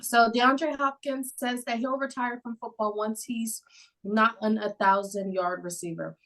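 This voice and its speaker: A woman co-hosting a casual sports podcast, relaxed as she brings up news items. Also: on the high side, unhurried, poor audio. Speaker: podcast co-host.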